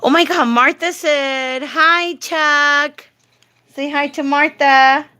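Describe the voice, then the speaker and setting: A woman's voice: high voice, fairly even intonation, a little slow, pushed and bright. A woman hosting a casual live stream, coaxing and doting as she talks to a man beside her.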